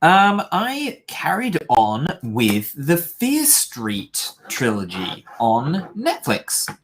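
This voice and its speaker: A man's voice: on the high side, huge pitch swings, extremely slow, a bit bright. A British man co-hosting a podcast, reviewing films with dry, teasing humor. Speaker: podcast co-host. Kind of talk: casual chat and film review.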